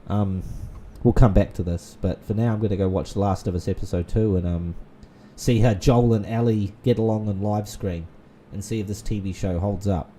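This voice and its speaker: A gaming channel host rambles through casual let's-play commentary, his talk full of fillers and restarts. His voice is on the low side and mellow, holding a steady tone at normal speed with few pauses. A little hiss or hum sits under the recording.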